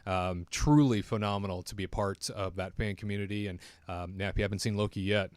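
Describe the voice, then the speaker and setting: A man hosting a theme park news livestream, delivering an animated, showy hype-man intro with playful put-on voices. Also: lowish voice, brisk, clean tone, dry recording.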